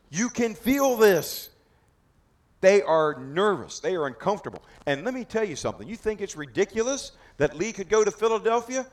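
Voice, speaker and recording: A man's voice: high voice, big pitch swings, normal speed. A man leading a group through a history talk at a historic site outdoors, dramatic and emphatic, firing rhetorical questions at his listeners. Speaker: battlefield tour guide.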